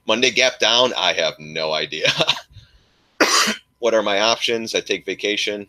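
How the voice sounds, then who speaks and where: A man's voice: fairly low pitch, a little slow, pauses often, sharp tone. A man hosting a casual live stream, rambling and laughing as he rants and chats with viewers.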